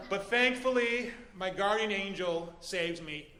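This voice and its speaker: A man tells a comic true story live on a theater stage, and his outrage is big and exaggerated for laughs. His voice sits very high and rings bright and forceful. It carries a roomy echo with a long hall tail. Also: animated, a little fast, slight background noise.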